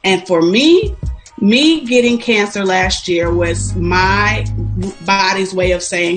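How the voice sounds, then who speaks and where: A woman's voice: medium pitch, slow, soft background music. A woman speaking as a podcast guest, telling her story in a heartfelt, faith-filled, reflective way. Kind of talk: testimonial interview talk.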